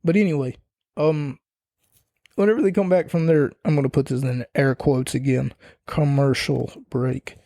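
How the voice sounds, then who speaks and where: A man's voice: medium pitch, fairly even intonation, moderate pace, mellow, no echo. A young man hosting a podcast, rambling casually and opinionated, swearing now and then. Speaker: podcast host. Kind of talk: casual wrestling review monologue.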